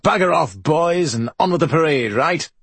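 A swaggering, foul-mouthed middle-aged film star with a Welsh accent, voiced by a male audiobook reader. His husky voice sits higher than the reader's own, and he rambles and boasts in a loud, brash manner. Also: lively intonation, normal speed, no echo, heavily acted. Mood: scornful.

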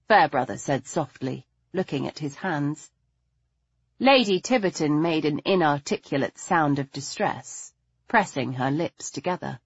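A woman narrating an audiobook in a poised, even storytelling manner. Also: low-pitched, a little slow, slightly rough, no room sound, highs cut off. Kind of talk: audiobook narration of a period mystery.

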